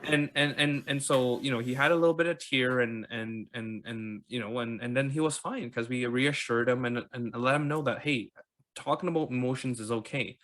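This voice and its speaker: Speaking at a medium pitch with a fairly bright tone and steady pace, a Canadian podcast host in his thirties keeps things conversational. He leans heavily on filler words and repeats himself often.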